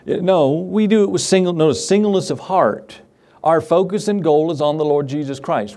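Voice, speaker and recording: Speaking at a moderate pace, this pastor has a higher voice with a dark tone. He delivers his sermon emphatically, raising questions and then supplying the answers.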